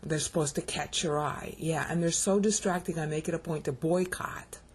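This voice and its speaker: A woman on her video channel casually explaining word meanings, often pausing to check in with the viewer. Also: deep voice, fairly even intonation, darkish tone, slightly rough. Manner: explanatory, keeps checking in with "okay?". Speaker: YouTuber explaining Bible Greek. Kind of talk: casual teaching monologue.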